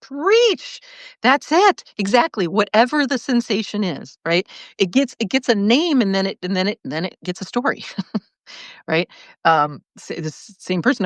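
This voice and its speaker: A woman hosting a live video, reading out viewer comments and answering in an animated way, laughing often and restarting her sentences. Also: mid-range voice, moderate pace, dry recording. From lived in Chicago, now in California. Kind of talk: casual live-stream talk.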